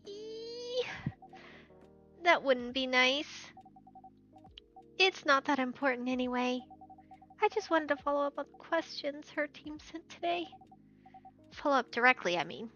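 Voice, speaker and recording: A woman's voice: sits high, animated, moderate pace, long pauses, bright, forceful tone, muffled recording, faint music behind, pitched above the performer's own voice. A woman voicing a shy, polite young mermaid woman who talks hesitantly and apologizes often.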